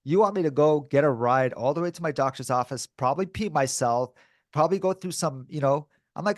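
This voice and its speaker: A man co-hosting a podcast in casual chat, telling a story in a lively way and acting out the voices of the people in it, often saying dude and bro. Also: on the high side, brisk, dry recording, clean studio sound. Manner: animated, acts out quoted dialogue. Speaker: podcast co-host.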